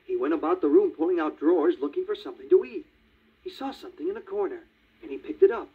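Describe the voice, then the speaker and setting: Lively man reading a children's storybook. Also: a little high, fast, husky. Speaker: storybook reader. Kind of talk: read-along storybook narration. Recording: tinny 1950s vinyl record.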